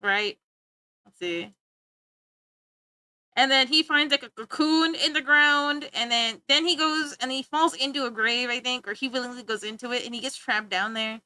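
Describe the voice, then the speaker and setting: A woman's voice: high voice, normal speed, sharp tone, clean tone, no echo. A young woman streaming, chatting casually and rambling, easily sidetracked and giggling as she talks to her chat and friends.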